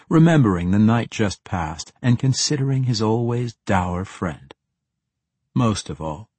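A man narrating a fantasy audiobook in a steady, even-paced reading. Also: on the low side, breathy edge, dry recording.

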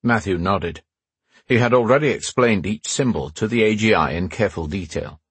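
A man narrating an audiobook in a measured, breathy voice on a close mic. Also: fairly low pitch, no room sound. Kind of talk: scripted narration.

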